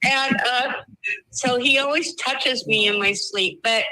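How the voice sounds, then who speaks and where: A woman calling a radio show who talks slowly and emotionally, close to tears. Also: a little high, pushed and bright, low-quality recording. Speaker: caller. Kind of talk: phone-in conversation.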